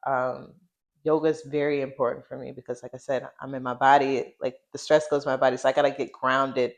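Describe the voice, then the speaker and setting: A woman's voice: extremely low pitch, flat delivery, brisk, gravelly. A woman hosting a podcast in casual chat, reflective and easygoing, repeating words for emphasis. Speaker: podcast host.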